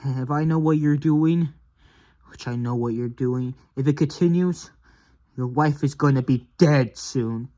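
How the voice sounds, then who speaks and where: A woman voicing a stern man who confronts an abuser with steady threats in a fan-made stop-motion toy drama. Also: a bass voice, a little slow. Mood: threatening.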